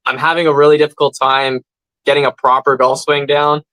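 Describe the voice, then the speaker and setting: A man's voice: mid-range voice, flat delivery, brisk, sharp tone, no echo, low-quality recording. A man co-hosting a comedy podcast, telling stories in a laid-back way and swearing casually. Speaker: podcast co-host. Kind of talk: casual chat.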